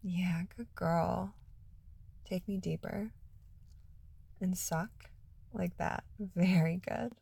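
A woman's voice: fairly low pitch, normal speed, gravelly, no echo. A woman voicing a stern male holiday demon. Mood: coaxing. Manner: commanding, then softly coaxing.

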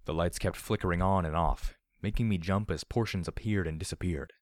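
An audiobook narrator with a very deep, low voice reads first-person fiction in a measured, audiobook manner. The sound is close and dry, without any room echo.

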